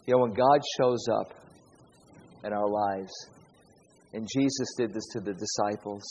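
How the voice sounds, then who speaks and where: A man's voice: fairly low pitch, unhurried, a little mellow, a little hiss or hum. A man preaching a sermon, speaking earnestly, repeating key phrases and asking his listeners rhetorical questions. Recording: dull, echoey hall recording.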